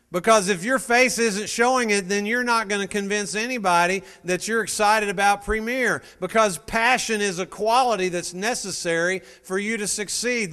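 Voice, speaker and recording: A man giving an energetic motivational speech to a live sales audience, firing rhetorical questions at the crowd. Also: high voice, clean tone. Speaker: motivational speaker at a sales meeting. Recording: long hall reverb.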